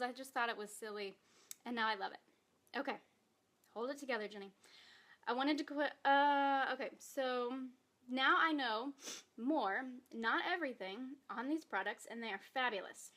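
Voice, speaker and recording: A woman's voice: on the high side, moderate pace, a bit bright. A woman giving an earnest, emotional personal testimony in a vlog, reading from her own post while holding back tears. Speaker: direct sales distributor.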